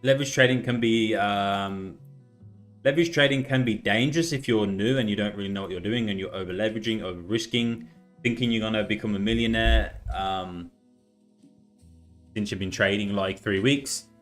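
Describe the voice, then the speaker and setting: A man's voice: on the low side, moderate pace, soft background music. A young man hosting a live trading stream, chatting casually and walking through charts, with a sore throat that makes him slur a bit. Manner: loose and chatty, says "right?" and "man" a lot, slurs a bit. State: sore throat, sucking a lozenge. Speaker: livestream trading host.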